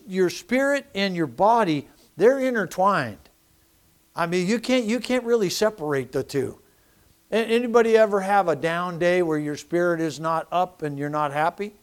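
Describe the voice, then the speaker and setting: A man preaching a sermon, animated and personal, often restarting phrases as he tells his testimony. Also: sits high. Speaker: pastor.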